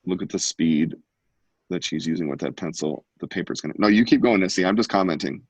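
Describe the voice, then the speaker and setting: A man's voice: sits low, brisk, slightly rough, no echo. A man hosting an online art class over a video call, giving playful, joking running commentary. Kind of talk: casual live-stream teaching.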